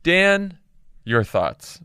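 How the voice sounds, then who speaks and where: A man's voice: a little high, big pitch swings, extremely slow, bright, forceful tone, clear, resonant tone, no room sound, studio quality. A man co-hosting a casual political podcast, sardonic and often laughing. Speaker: co-host.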